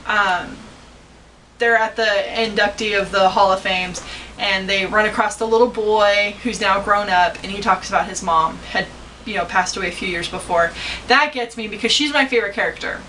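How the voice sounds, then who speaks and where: A woman's voice: mid-range voice, normal speed, bright, forceful tone, distant mic, slight background noise, low-quality recording. A woman talking about a movie with her daughter in a chatty, rambling way, now and then acting out lines in put-on voices. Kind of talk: casual chat.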